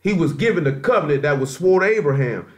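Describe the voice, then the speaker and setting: A man with a fairly high voice preaches a sermon. He talks in a blunt, colloquial, scolding way and reads scripture between his warnings. The delivery is emphatic throughout. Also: animated, fast.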